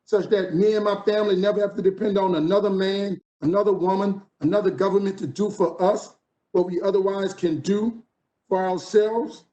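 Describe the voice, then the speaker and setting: A New Orleans man in his fifties, with the city's accent, gives a motivational keynote at a conference using rhythmic, preacher-like repetition. His voice is high-pitched and mellow with fairly even intonation and a moderate pace, and the recording's highs are cut off.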